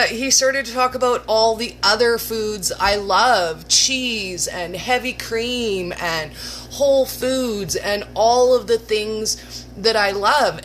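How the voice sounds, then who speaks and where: A woman hosting a livestream, telling a personal story in a casual, animated way with laughs and mock-dramatic asides. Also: medium pitch, a little hiss or hum. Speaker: livestream host. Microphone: webcam or phone livestream.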